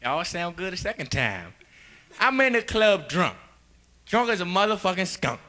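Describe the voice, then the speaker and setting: A young man doing a loud, rowdy stand-up comedy set, laughing between punchlines. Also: high-pitched, sing-song, normal speed.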